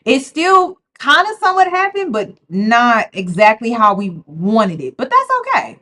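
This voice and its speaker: A woman's voice: on the high side, measured pace. A woman giving casual, slangy commentary on a reality show, chatty and talking straight to her viewers. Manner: animated, chatty, slangy, addresses viewers as y'all.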